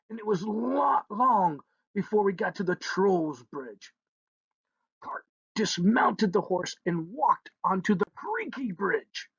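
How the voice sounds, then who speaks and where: A man's voice: high-pitched, vocal fry, a bit bright, slightly rough, dry recording. A man narrating a children's story in a playful way, humming sound effects between lines, on a dull lo-fi recording.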